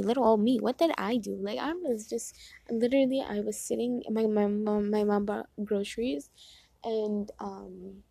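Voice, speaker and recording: A woman's voice: medium pitch, gravelly, warm tone, husky, no room sound. A young woman in casual chat, telling a rambling, exasperated story and acting out other people in quoted asides. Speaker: vlogger.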